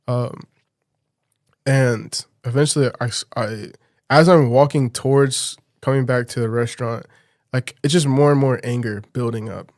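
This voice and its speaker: A man telling a personal story in a casual podcast chat. He talks in an animated way and laughs often. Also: medium pitch, moderate pace, no echo, clean studio sound. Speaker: podcast guest.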